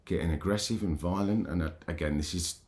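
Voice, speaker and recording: A man hosting his own channel, telling a painful personal story in a halting, emotional way, full of restarts. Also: low-pitched, a little mellow. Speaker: channel host.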